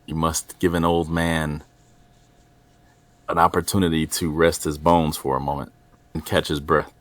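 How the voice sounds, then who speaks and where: A man voicing a weary old man who claims the trip has worn him out, in a slow, halting, put-upon way. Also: a bass voice, little pitch movement, no echo, voice pushed down.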